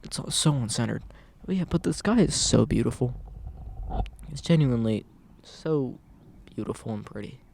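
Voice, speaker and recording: A man's voice: mid-range voice, expressive, moderate pace, gravelly, darkish tone, a little hiss or hum. A man talking casually and earnestly straight into a camera for a vlog, rambling and repeating his points. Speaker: vlogger. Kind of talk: casual motivational vlog talk. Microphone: camera mic.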